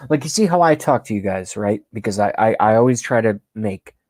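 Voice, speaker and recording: A man's voice: fairly low pitch, lively intonation, brisk, no room sound. Profane, agitated man ranting to a webcam. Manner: agitated and profane, swinging between shouting and hushed whispers. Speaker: channel host ranting on camera. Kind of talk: comic political rant.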